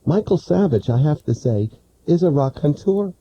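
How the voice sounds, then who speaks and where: A New man hosting talk radio, his voice deeply dark and his pitch leaping around as he acts out the bits he quotes. It comes through a dull, lo-fi broadcast with a faint hiss behind it. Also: moderate pace. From New York. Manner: animated storyteller, acts out quotes. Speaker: radio talk show host. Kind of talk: radio talk show conversation. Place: radio studio.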